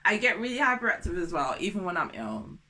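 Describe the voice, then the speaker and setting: A woman in her thirties vlogging casually to camera, excitable and goofy, jumping between topics and laughing often. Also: fairly low pitch, fast talker. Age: 30s.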